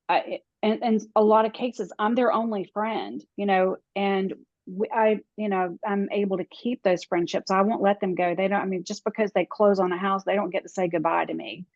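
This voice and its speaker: A woman's voice: medium pitch, darkish tone, no room sound. Chatty woman relocation guide, lo-fi call. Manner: chatty, laughs often, many restarts. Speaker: real estate relocation guide. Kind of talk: casual interview conversation. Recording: dry, dull lo-fi audio.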